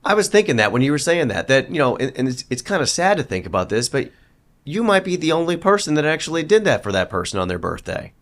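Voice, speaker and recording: A man hosting an interview, asking questions in a measured, conversational way. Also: on the high side, big pitch swings. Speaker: podcast host.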